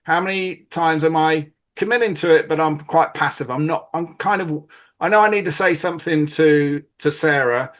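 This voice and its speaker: A man's voice: on the high side, normal speed, a bit bright. A British man co-hosting a podcast, explaining coaching ideas in casual talk and acting out quotes from players and coaches.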